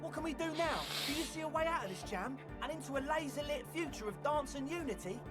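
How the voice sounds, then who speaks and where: An earnest young techno devotee in a video game. The voice sits high and swoops with eager, enthusiastic energy. Clear music plays behind her lines. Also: expressive, fast talker.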